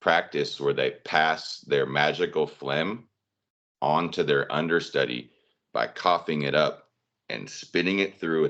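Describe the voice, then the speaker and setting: A man's voice: very deep voice, fairly bright tone, highs cut off. A man telling personal stories in a casual podcast chat, rambling with many fillers.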